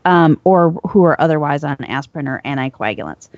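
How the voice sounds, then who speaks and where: A panelist who presents medical study findings in a measured, explanatory way with an occasional dry laugh. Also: mid-range voice, expressive, no echo. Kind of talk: casual panel discussion. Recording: dull lo-fi sound.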